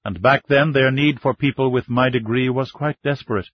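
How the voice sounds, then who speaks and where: A man voicing a dignified male minister in his fifties, speaking in a measured, formal way in an audiobook. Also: mid-range voice, fairly even intonation, lightly acted. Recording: dull lo-fi dry recording.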